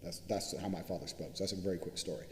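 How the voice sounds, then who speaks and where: A man with a low voice and quick pace talks straight to viewers in a boastful, profane monologue, casually promoting himself. The recording is roomy with long reverb.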